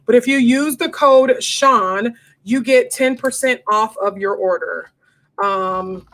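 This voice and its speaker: A woman speaks slowly in a fairly high, fairly bright voice while hosting a live homeschooling Q&A at her home desk. Frank and casual, she refers to her viewers as y'all.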